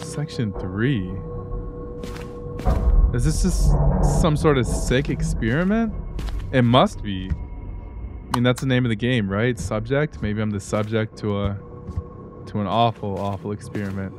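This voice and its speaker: A man's voice: lowish voice, unhurried, pauses often. A man giving let's-play commentary on a horror game, talking to himself and breaking into startled yelps and gasps. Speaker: gaming YouTuber. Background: game music.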